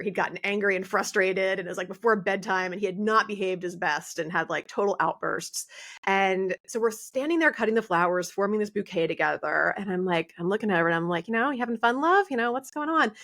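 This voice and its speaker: A woman in her forties, a podcast guest, telling family stories with many fillers and quick laughs. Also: mid-range voice, a bit bright. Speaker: podcast guest, author and coach. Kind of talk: candid podcast conversation.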